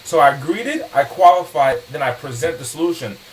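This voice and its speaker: A man giving a lively storytelling talk to an audience, acting out sales conversations with customers. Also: fairly high pitch, a little fast, far from the mic, low-quality recording. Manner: animated, acts out customer dialogue. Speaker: motivational speaker.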